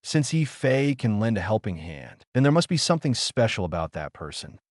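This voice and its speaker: A man reading an audiobook in a steady scripted narration, lifting his voice slightly for quoted lines. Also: fairly low pitch, normal speed, no room sound, studio quality.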